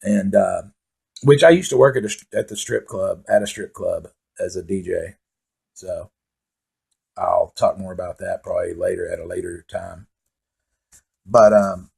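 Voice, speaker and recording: Gravelly man, very husky voice, rambling profane storytelling, laid-back comic monologue. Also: on the low side, darkish tone. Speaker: comedian telling stories.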